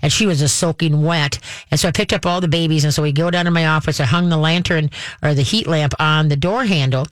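A woman telling a personal story to her viewers in a rambling, halting way, full of restarts and folksy sayings. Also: low-pitched, no room sound.

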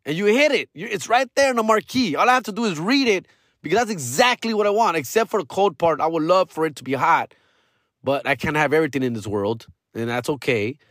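Animated, profane man ranting with a lively voice. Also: a little high, a little fast, dry recording, studio quality. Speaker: podcast host. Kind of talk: comedic storytelling rant.

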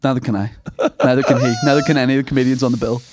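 An Irish man, a comedian, talking easily in a casual chat. He speaks quickly, at a middling pitch for a man. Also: fairly even intonation, background noise. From Ireland. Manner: quick, easygoing, laughs along.

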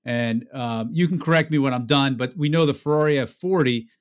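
Playful, curious man co-hosting. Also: mid-range voice. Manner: curious, quick to interject, playful. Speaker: podcast host. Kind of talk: casual conversational chat.

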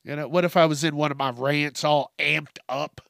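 A man's voice: fairly high pitch, steady tone, normal speed, gravelly, a bit bright, no room sound, clean studio sound. A male podcast host ranting through a profane solo monologue, congested from allergies.

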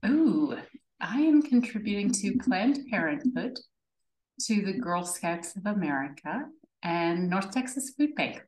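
A woman's voice: mid-range voice, very animated, a little slow, darkish tone. Cheerful woman guest in an echoey room. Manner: cheerful, laughs easily. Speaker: guest, executive coach. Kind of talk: podcast interview.

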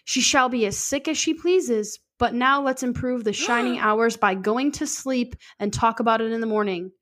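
A woman's voice: a little high, moderate pace, a bit bright, lightly acted. A woman reading the lines of a stern, patronizing husband who is a doctor, as she reads a classic story aloud in her own voice. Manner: soothing, condescending reassurance.

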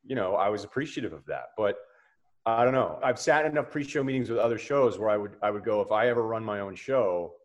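Blunt, animated man hosting a chat show. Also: on the low side, fast talker. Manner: blunt, animated storytelling with loud bursts. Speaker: podcast host. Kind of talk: casual chat.

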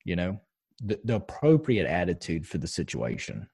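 Low and husky, a little mellow, with wildly swooping pitch at a normal speed, this podcast co-host chats in a loose, casual way. He tells stories bluntly and passionately, swearing a lot and pushing his point repeatedly.

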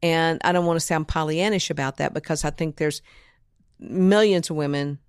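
A woman's voice: sits low, moderate pace, darkish tone, smooth, no room sound, studio quality. A woman guest, from Mississippi, telling a long story in an interview and acting out other people's lines. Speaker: guest, music producer and author.

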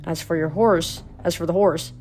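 A woman reading aloud, voicing a weary, brooding male god of the dead who speaks slowly and sighs. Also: on the low side, steady tone, darkish tone, voice pushed down, close to an everyday voice. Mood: melancholy. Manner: slow, sorrowful, sighing.

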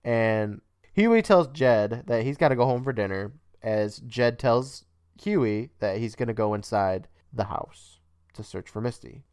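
A man's voice: mid-range voice, expressive, measured pace, a little mellow, smooth, no echo, clean studio sound. A man co-hosting a podcast, recapping a show casually, swearing freely and laughing often. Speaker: podcast co-host.

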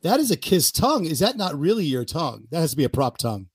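A man's voice: a little high, big pitch swings, slightly rough. A man hosting a podcast who chats casually, teases his guest and laughs readily. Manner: joking, teasing, quick to laugh. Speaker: podcast host. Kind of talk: casual interview chat.

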